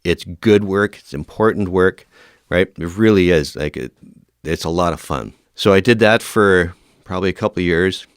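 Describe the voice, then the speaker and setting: Deep-voiced man telling stories, crisp dry sound. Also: normal speed, no echo. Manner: lively storyteller who acts out quoted dialogue. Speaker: podcast guest, veteran firefighter. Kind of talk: casual storytelling interview.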